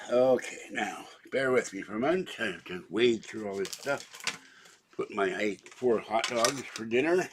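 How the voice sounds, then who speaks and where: A man's voice: lowish voice, lively intonation, unhurried, slight background noise. A man in his seventies in a rambling, chatty home vlog monologue at his kitchen, wandering from topic to topic. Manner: rambling, chatty, flares up when indignant. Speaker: vlogger.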